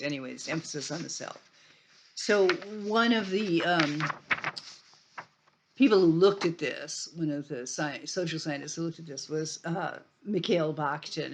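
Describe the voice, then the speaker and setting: A woman lecturer talks a class through the material in a loose, conversational way. She restarts her sentences, drops in fillers and throws in emphatic asides. A faint hiss sits under the recording. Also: on the low side.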